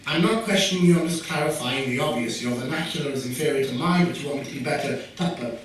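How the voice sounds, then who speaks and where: Young Yorkshire man with a fairly high voice, animated storyteller at a community evening, heard from a distance in an echoey hall. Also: fast, few pauses. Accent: Yorkshire English. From Yorkshire, England. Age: young adult. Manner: jokey, animated, asides to the audience. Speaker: youth worker giving a talk. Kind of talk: storytelling talk at a community event. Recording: echoey room from far off with faint noise.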